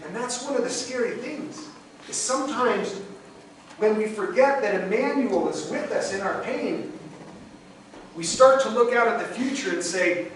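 A man's voice: high-pitched, lively intonation, unhurried, a little hiss or hum. A middle-aged man preaching a sermon as pastor, emotional and swelling in volume as he speaks. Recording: very echoey hall, distant mic.

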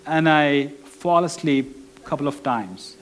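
A man preaching a sermon and telling a personal story, conversational and halting, with restarts and non-native grammar. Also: on the high side, animated.

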